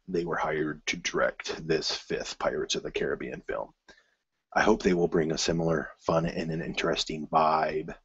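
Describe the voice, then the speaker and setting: A man with a low, slightly husky voice hosts his own film news show. He rambles casually, stumbling over restarts and fillers, then breaks into bursts of excitement. The recording is dry and a little muffled. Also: no echo.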